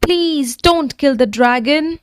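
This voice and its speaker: A frightened young boy, as a woman reading a story puts him on, pleads in a raised, lively voice. His words come urgent and begging. It is a storybook voice, dry and close. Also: high-pitched, a little slow, no echo, voice pushed up. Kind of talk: storybook character voice.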